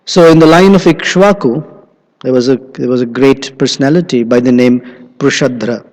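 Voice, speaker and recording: A man giving an animated storytelling sermon in a temple hall. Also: mid-range voice, moderate pace. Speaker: temple speaker. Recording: long hall reverb.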